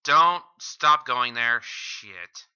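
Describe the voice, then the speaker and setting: Angry sweary guy yelling at a video, really bright tone, muffled cheap mic. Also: mid-range voice, expressive, extremely slow, clean tone. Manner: heckling, insulting, swears constantly. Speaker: commentary host reacting to a video. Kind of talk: profane reaction commentary. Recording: dull lo-fi mic.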